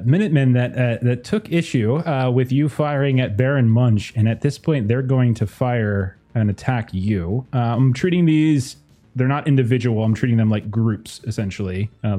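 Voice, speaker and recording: A man acting as game master, narrating a tabletop game in a vivid, lively way. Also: medium pitch.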